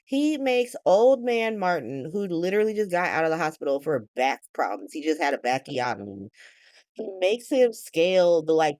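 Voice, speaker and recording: A lively, profane woman recapping. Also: low voice, no room sound, clean studio sound. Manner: profane, animated slang. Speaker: soap opera recap host. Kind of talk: casual recap narration.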